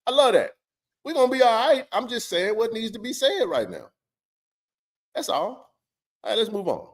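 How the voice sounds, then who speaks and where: A man's voice: extremely high pitch, very animated, normal speed. A middle-aged man hosting a live sports stream, talking with passionate, blunt, emphatic energy and plenty of slang.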